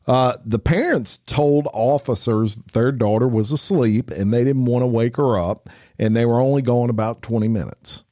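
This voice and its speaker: A man's voice: medium pitch, moderate pace, dark tone, no echo, clean studio sound. A man hosting a podcast, reading crime news headlines and adding blunt opinions. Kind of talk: casual news reading with comments.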